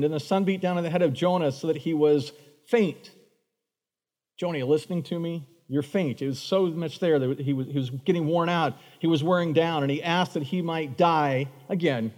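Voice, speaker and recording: A man preaching a sermon, animated, acting out the voices of the figures in the story he tells. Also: on the high side, moderate pace, big-room sound. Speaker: pastor.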